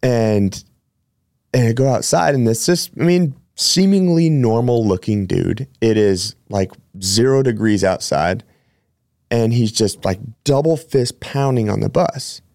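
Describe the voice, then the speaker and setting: A man's voice: medium pitch, a little slow, vocal fry, a little mellow, dry recording, studio quality. A man hosting a podcast, a personal trainer telling rambling, chatty stories with many self-corrections. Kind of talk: casual storytelling.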